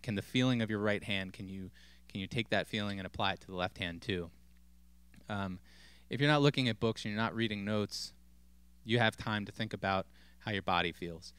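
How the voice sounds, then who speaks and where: A man giving a casual drum lesson, relaxed and thinking aloud with frequent ums and restarts. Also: lowish voice, smooth, no room sound. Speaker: drum teacher. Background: loud drum kit playing.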